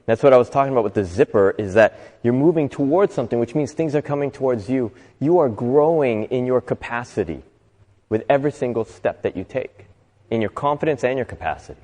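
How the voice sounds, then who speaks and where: A man speaks as a motivational speaker at a live event, talking with his listeners rather than at them and tossing them rhetorical questions. His voice sits at an ordinary middle pitch, and a long hall reverb trails behind each phrase. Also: animated, brisk, darkish tone. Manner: conversational, asks the audience rhetorical questions. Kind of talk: inspirational talk to a live audience. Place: live talk venue.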